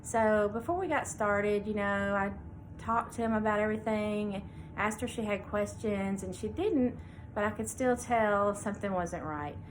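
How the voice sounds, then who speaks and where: A middle-aged woman speaks in an easy, conversational way, pausing on fillers as she shares a story and reads scripture aloud. Her voice sits at a middle pitch. A faint hiss of room noise lies under the recording. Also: rough recording. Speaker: veterinarian and show host. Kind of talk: casual devotional talk.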